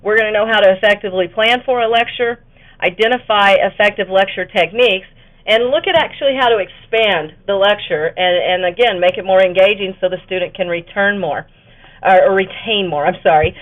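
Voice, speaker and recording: A woman leads an instructional webinar for educators, speaking in a relaxed conversational way with fillers and quick self-corrections. Her voice sits at a middle pitch. The audio is thin and narrow, like a phone line.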